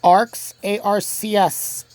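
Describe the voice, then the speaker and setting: A woman hosting a home-made crossword game show, reading clues and spelling answers letter by letter, pausing and restarting often. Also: mid-range voice, flat delivery, darkish tone, no room sound, soft background music. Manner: halting, with frequent restarts.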